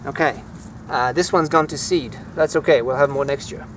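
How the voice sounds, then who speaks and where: A man walking through a home vegetable garden outdoors, naming plants and teaching their French words in a relaxed, chatty way. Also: mid-range voice, moderate pace, slight background noise. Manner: relaxed, chatty, easily enthused. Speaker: language teacher giving a garden tour.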